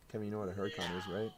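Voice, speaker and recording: A young man streaming, telling a work story in casual chat with lots of laughs. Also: on the low side. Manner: animated storytelling with frequent laughs.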